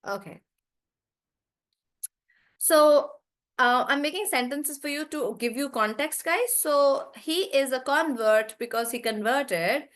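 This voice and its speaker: A woman's voice: high voice, takes it slowly, fairly bright tone. A young woman with an Indian English accent teaching an online English class, chatty, giving example sentences and stories.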